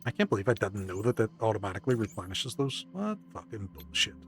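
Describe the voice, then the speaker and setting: A man's voice: fairly low pitch, very animated, fast talker. A man live-streaming a game, swearing often, joking with chat and reading it aloud.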